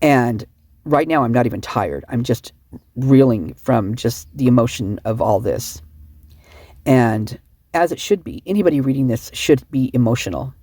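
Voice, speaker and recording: A woman's voice: a bass voice, animated, moderate pace, mellow, breathy edge, dry recording. A middle-aged woman giving rambling, emotional casual commentary, sleep-deprived and often restarting her sentences. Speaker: online commentator.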